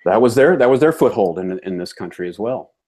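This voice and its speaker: A man's voice: lowish voice, animated, a little fast, a little mellow. A man who grew up in Georgia, co-hosting a show, talking in a casual, opinionated, folksy way. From Georgia, US South. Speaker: co-host of an appliance repair show. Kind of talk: casual chat.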